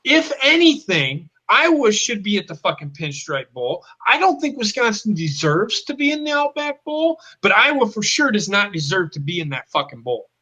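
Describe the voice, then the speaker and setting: A man's voice: high-pitched, big pitch swings, normal speed, few pauses, pushed and bright. A man co-hosting a casual football talk show, ranting bluntly and swearing constantly. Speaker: co-host. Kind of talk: profane football rant.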